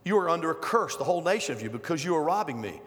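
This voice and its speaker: A middle-aged male guest preacher giving a conversational sermon full of stories, building to loud, emphatic stretches. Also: fairly high pitch, very animated, rapid-fire. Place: church sanctuary. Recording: long hall reverb.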